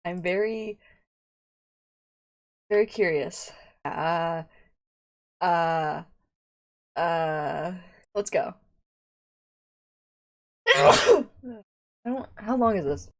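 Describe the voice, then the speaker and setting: A young woman giving excitable reaction commentary as a YouTuber, giddy and rambling, often squealing and laughing. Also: fairly low pitch, very slow, pauses often. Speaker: YouTuber reacting to fan videos.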